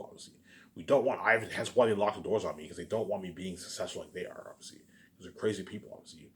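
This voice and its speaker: Male vlogger with a lowish voice and a rapid delivery. Delivers a heated, profane, repetitive monologue full of restarts. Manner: repetitive, profane, keeps asking "you know what I'm saying"; heated, restarts and stammers often. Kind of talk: rambling personal monologue.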